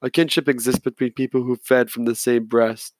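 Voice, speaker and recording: A man narrating an audiobook in the first person, reading in a measured, steady way. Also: mid-range voice, no echo.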